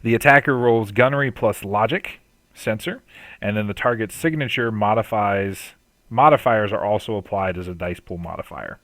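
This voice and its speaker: A man's voice: lowish voice, normal speed, fairly bright tone, dry recording. A man running a tabletop game as game master, explaining rules at length and laughing often.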